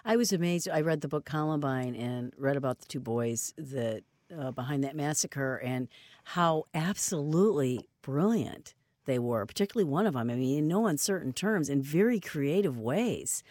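A woman hosting a public radio talk show, talking in a measured, conversational way with her guests. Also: low-pitched, animated, darkish tone, dry recording.

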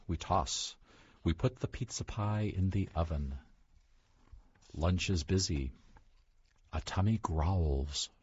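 Man reading as a cheerful dog chef, storybook, deep husky voice, slow. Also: a little mellow, exaggerated voice. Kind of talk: reading a picture book aloud. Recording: dull lo-fi sound.

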